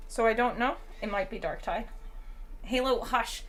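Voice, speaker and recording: Woman streamer, bright tone, strained tired voice, chatty and rambling. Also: a little high, normal speed. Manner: chatty, rambling, reads chat aloud. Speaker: game streamer. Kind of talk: casual live-stream chat.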